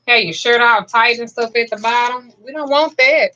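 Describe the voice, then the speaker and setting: A woman's voice: on the high side, moderate pace, sharp tone, dull audio. A woman in her forties with a Southern US accent, chatting casually and bluntly at home about a simple ritual. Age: 40s. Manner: chatty, blunt, swears freely. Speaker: spiritual practitioner. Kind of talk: casual vlog chat.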